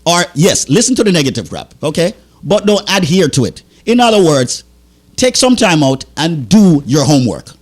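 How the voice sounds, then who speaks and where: Male radio host, high and animated, agitated pleading pitch. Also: moderate pace. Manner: agitated, pleading, tripping over words. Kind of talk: impassioned radio sales talk. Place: radio studio.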